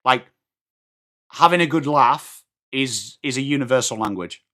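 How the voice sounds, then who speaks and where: Bright-voiced English man chatting live. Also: medium pitch, a little slow. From England. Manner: chatty, reads and answers viewer comments between calls of play. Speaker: watchalong host. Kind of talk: live stream chat.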